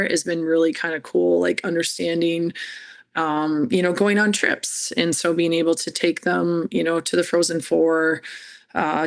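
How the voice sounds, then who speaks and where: A woman's voice: on the low side, gravelly. A woman college hockey coach, talking candidly and telling stories in an interview. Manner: chatty, storytelling.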